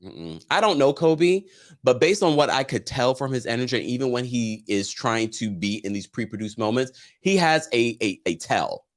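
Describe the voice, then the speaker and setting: A man hosting a casual reality TV recap, chatty and animated, reading viewer comments aloud and laughing often. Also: mid-range voice, normal speed. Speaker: host.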